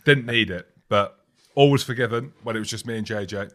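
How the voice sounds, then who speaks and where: A man's voice: on the low side, brisk, sharp tone. A man co-hosting a casual sports podcast who tells funny stories and teases his co-host. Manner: joking, storytelling, teasing. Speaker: podcast co-host, former rugby player.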